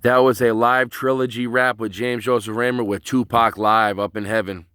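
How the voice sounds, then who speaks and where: A man's voice: medium pitch, level tone, moderate pace, few pauses, fairly bright tone, smooth, no room sound, studio quality. A man freestyle rapping in a rhythmic, repetitive chanting delivery. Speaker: amateur rapper. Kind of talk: freestyle rap.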